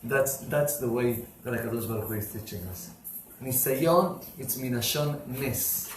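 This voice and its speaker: A man preaching as a rabbi, telling stories with lively swings and bursts of loud voice. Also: medium pitch, a little slow, a little hiss or hum. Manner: animated storyteller, bursts into shouting for quoted characters. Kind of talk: sermon with told stories. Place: synagogue. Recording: roomy echo, faint ambience.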